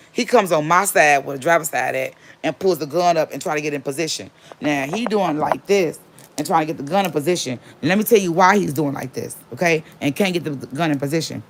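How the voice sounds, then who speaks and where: A woman casually telling a personal story, animated and repeating herself for emphasis. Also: sits low. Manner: acts out quotes of others.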